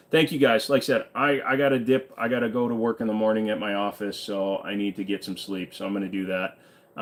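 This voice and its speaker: A man hosting a livestream late at night who sounds tired, with a voice that sits a little low. His talk is casual and chatty. He reads viewer comments out loud and answers each one in a relaxed way. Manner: laid-back, chatty, reads comments aloud and answers them. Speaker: livestream host.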